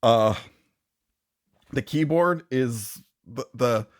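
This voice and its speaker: A man's voice: mid-range voice, drawn-out words. A man co-hosting a podcast, rambling in casual chat, restarting sentences and laughing often. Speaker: podcast co-host.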